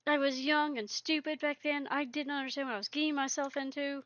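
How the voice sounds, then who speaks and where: A woman's voice: mid-range voice, fairly quick, pushed and bright, dry recording, muffled recording. A woman doing a pleading remorseful tomcat. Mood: desperate. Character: remorseful male medicine cat, pleading.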